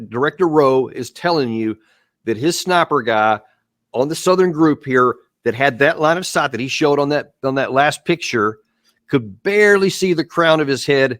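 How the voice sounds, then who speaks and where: A man's voice: on the high side, no room sound, studio quality. A man hosting a live show, walking viewers step by step through video clips in an emphatic commentary style.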